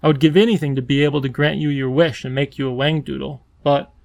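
A courteous, anxious professor explaining himself with care, voiced by a male narrator. The voice has a gravelly grain and a dry, close sound. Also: medium pitch, steady tone, quick pace, a little mellow, no room sound, close to an everyday voice. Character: earnest, polite male professor, a scientist.

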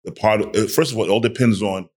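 A man's voice: fairly low pitch, fast, breathy edge. A man who is a pastor and guest on a casual panel conversation, telling stories and acting out quotes. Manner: animated storyteller who acts out quotes.

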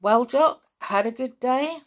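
A woman's voice: high-pitched, a little slow, voice pushed up. A woman voicing a small, harassed grown man who speaks in a weary way.

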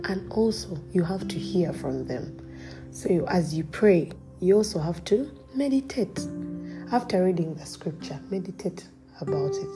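A woman giving casual, earnest spiritual encouragement as a podcast host. She often laughs lightly and at times drops to a near-whisper. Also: fairly low pitch. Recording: music playing behind.

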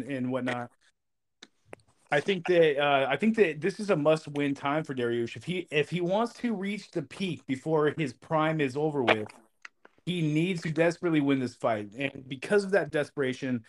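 A man co-hosting a casual sports betting podcast, speaking in a relaxed, halting way with many fillers. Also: fairly high pitch, a little hiss or hum. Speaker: podcast co-host.

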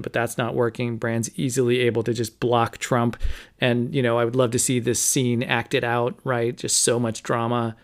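A man hosting a podcast, casually recapping a book's chapters with lots of "you know" and "like". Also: mid-range voice. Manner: conversational, many fillers like "you know" and "like". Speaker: podcast host. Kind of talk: casual book recap with read-aloud quotes.

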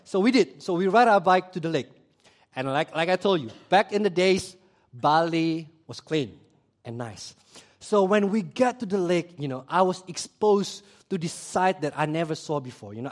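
A man preaching a sermon, telling a childhood story in a lively way and asking the audience questions. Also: on the high side. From Indonesia.

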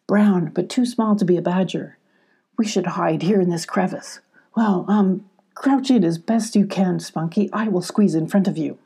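A woman voicing an excitable young female cat adventurer, chatty and eager, in a storybook reading. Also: on the low side, normal speed, breathy edge. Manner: eager, chatty, bright-voiced.

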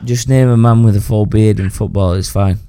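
A man's voice: on the low side, fairly even intonation, a little fast, dark tone, smooth, no room sound, clean studio sound. A man hosting a casual podcast, ranting brashly and swearing freely. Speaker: podcast host.

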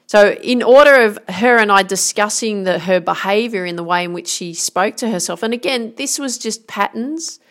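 A woman's voice: mid-range voice, moderate pace, few pauses, a bit bright. A middle-aged woman golf coach, giving an earnest, emphatic motivational talk.

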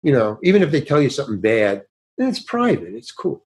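A man's voice: mid-range voice, huge pitch swings, a little fast, a little mellow. An older man, a guest actor in a casual interview, telling rambling anecdotes with many restarts and acting out bits of dialogue.

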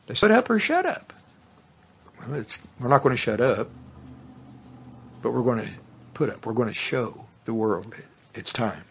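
A man preaching a fervent sermon that builds to loud exclamations, then leads a prayer. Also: mid-range voice, normal speed, vocal fry, long pauses, a little hiss or hum. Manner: fervent, rising to exclamations, tongues.

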